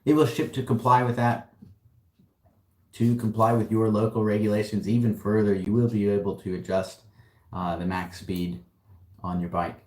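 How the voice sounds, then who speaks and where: A man's voice: on the low side, flat delivery, normal speed, darkish tone, reverberant. A man hosting a casual livestream Q&A, upbeat and slangy, reading out viewer questions and answering them. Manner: upbeat, slangy, laughs often. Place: warehouse.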